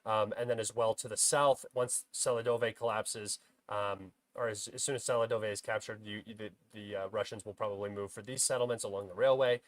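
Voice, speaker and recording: A man's voice: on the low side, fairly even intonation, fairly quick, hardly any pauses, dry recording. Filler-heavy young man, dry close mic. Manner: filler-heavy, many uh and um restarts; bursts into loud frustrated shouting at himself. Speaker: host of a military map analysis stream. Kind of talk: casual livestream commentary over a map.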